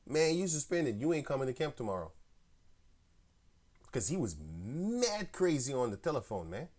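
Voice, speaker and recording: Profane animated man telling a story. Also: fairly high pitch, unhurried, long pauses. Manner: animated, profane, slangy, acts out both sides of phone arguments. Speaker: camp member telling a story. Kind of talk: casual storytelling rant.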